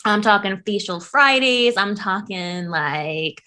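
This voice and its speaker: A young woman co-hosting a podcast in casual chat, playful and quick to laugh, swearing freely. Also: medium pitch, expressive, pushed and bright. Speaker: podcast co-host.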